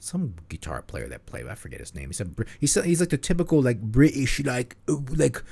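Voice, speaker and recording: Gravelly rambling male podcast host. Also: mid-range voice, sing-song, brisk, a little mellow. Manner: rambling, joking, many fillers. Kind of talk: casual chat.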